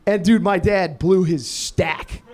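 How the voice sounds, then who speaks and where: A man telling a casual stand-up story, his voice high for a man. He laughs through his lines and keeps saying "dude". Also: takes it slowly, a little mellow. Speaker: stand-up comedian.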